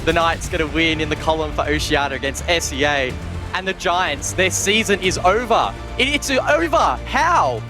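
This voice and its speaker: A man's voice: fairly high pitch, lively intonation, moderate pace, over music. A man giving analytical colour commentary on an esports match. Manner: analytical, then incredulous. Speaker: esports caster.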